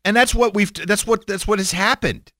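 A man giving an irreverent, sarcastic rant, animated and stammering as he goes. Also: high-pitched, normal speed, dry recording, clean studio sound. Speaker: commentator.

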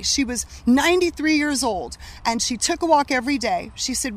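A woman working as a medium, telling stories in an animated, casual conversation with frequent laughter. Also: high-pitched, normal speed, hardly any pauses.

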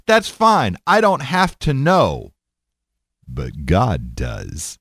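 Brief: a man playing a syrupy preacher, guilt-tripping, pitch swinging high. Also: huge pitch swings, drawn-out words, fairly bright tone, breathy edge, no room sound, studio quality, heavily acted. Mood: smug. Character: smug male Baptist preacher.

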